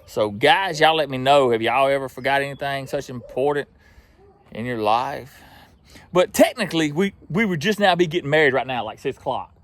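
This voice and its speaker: A man's voice: medium pitch, lively intonation, normal speed, a bit bright. A young man chatting casually in an outdoors vlog, laughing often, folksy. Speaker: outdoors vlogger.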